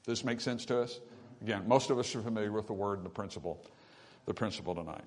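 A man's voice: lowish voice, quick pace. A man preaching a sermon, teaching with rhetorical questions and repeating key phrases for emphasis. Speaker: pastor.

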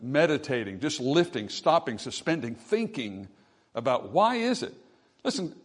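A man preaching a sermon, reading scripture and asking the congregation "Amen?" as he goes. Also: mid-range voice. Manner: emphatic preaching with call-and-response "Amen?"; swings between loud emphatic quotes and quieter asides. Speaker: pastor.

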